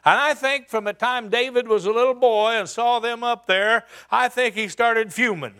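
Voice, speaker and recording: A man's voice: extremely high pitch, moderate pace, hardly any pauses, pushed and bright, smooth. A man preaching a sermon, retelling a scripture story dramatically with rhetorical questions.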